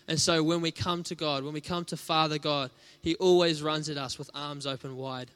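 A man's voice: on the high side, steady tone, normal speed, hardly any pauses, a bit bright, clear, resonant tone. A man preaching a sermon in a conversational, storytelling way, with casual fillers.

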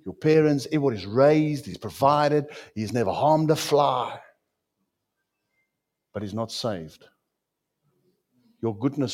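A man's voice: medium pitch, darkish tone. A man with a South African accent preaching a sermon in a church, joking with the congregation and dropping Afrikaans asides. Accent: South African English. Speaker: pastor.

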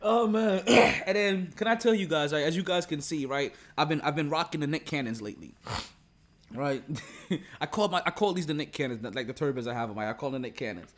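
A man's voice: fairly high pitch, a little fast. A man hosting a sports podcast in casual chat, rambling and repeating words, laughing often, recorded away from home at a relative's house. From Jamaica. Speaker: podcast host. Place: relative's home, not a studio.

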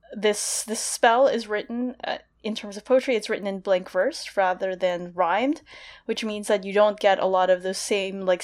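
A young woman in casual analytical talk, explaining poetry thoughtfully and often restarting with fillers like "you know" and "like". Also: mid-range voice. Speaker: podcast co-host discussing literature.

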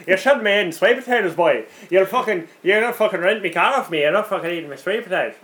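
A man putting on a brash, swearing Irishman with a put-on Irish accent, talking fast and aggressively. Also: sits high, fairly bright tone.

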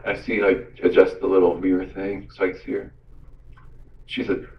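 Male radio host preaching, animated storyteller, dull lo-fi sound with room echo. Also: sits low, normal speed, vocal fry. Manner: storytelling, animated, acts out quotes. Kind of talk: sermon-style teaching talk. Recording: roomy, distant, dull sound.

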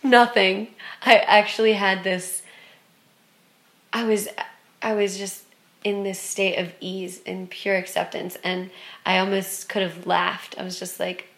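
A woman telling a personal spiritual story in an expressive way, moving from excited loudness to hushed softness. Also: mid-range voice, a little slow.

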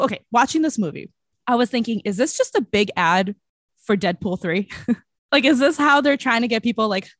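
A woman's voice: fairly high pitch, no echo, studio quality. A young woman co-hosting a podcast, chatting casually about a movie, bubbly and giggly with lots of fillers. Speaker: podcast co-host. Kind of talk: casual movie review chat.

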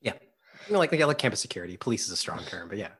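A man's voice: on the low side, sing-song, racing, a bit bright, breathy edge. Young man cohosting a loose, laughing podcast chat. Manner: laughing, rambling, repeats words. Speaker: podcast co-host.

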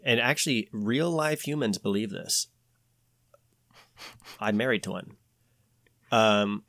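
A man hosting a podcast, talking in a rambling, animated way with many restarts. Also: medium pitch, no room sound, clean studio sound. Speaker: podcast host. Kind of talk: casual podcast chat.

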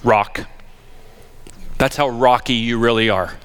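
An older man preaching a sermon, emphatic and animated, firing rhetorical questions at the congregation. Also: fairly high pitch, normal speed. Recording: long hall reverb.

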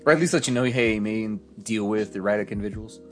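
A man chatting casually, talking in quick bursts full of fillers and repeated starts. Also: on the low side, fairly bright tone, soft background music. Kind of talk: casual podcast chat.

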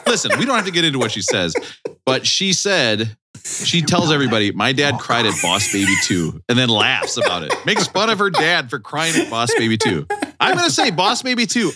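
A man's voice: on the high side, very animated, fairly quick, background noise. A middle-aged man hosting a comedy podcast, rambling and self-mocking in casual chat. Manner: rambling, self-mocking, jumps into silly voices. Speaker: podcast host.

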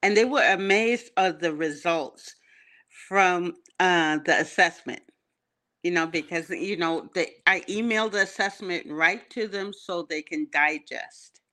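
A woman's voice: fairly low pitch, measured pace, bright, forceful tone. A woman guest, a coach and minister, speaking earnestly and affirmingly in an interview. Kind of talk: conversational interview.

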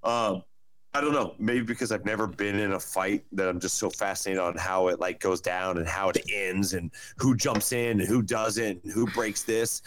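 Low-voiced man in easy podcast chat. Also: fairly even intonation, normal speed, a bit bright. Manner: curious, asks follow-up questions. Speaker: podcast co-host. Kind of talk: casual chat.

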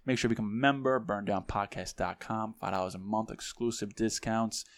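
Lively man co-hosting a podcast, telling stories and mimicking voices. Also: on the low side, a little fast. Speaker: podcast co-host. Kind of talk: casual chat.

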